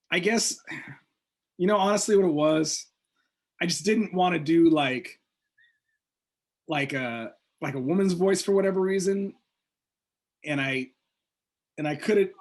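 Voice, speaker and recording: A man co-hosting a casual comedy podcast, rambling and acting out silly scenes. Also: high-pitched. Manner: rambling, puts on silly voices for jokes. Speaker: podcast co-host. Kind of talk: casual chat.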